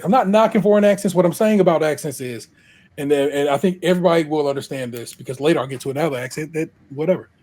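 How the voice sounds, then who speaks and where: This is a middle-aged man with an Ohio accent, talking casually on a podcast. His voice sits a little high and has a husky edge. He tells stories in an animated way, laughs often, and acts out the people he quotes. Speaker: podcast co-host. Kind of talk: casual chat.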